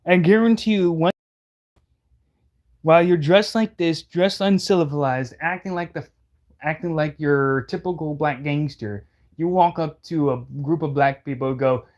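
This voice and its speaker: A man's voice: fairly high pitch, moderate pace, darkish tone. A man giving casual reaction commentary, rambling and heated, stumbling over restarts. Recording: dull lo-fi audio.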